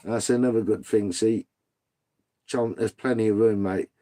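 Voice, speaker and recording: A man's voice: lowish voice, fairly even intonation, normal speed, warm tone. A British man hosting a live stream, chatting casually with viewers and reading out their comments in a blunt, sweary, ranting way.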